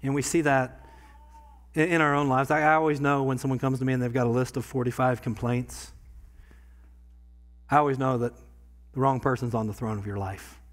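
A pastor preaching a sermon in a church, talking conversationally and swinging from quiet asides to loud bursts. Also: male voice, mid-range voice, fairly even intonation, fairly quick, long pauses. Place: church sanctuary.

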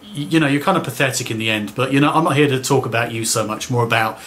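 A man's voice: medium pitch, racing, a bit bright. A man giving sarcastic, dismissive commentary. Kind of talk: critical commentary.

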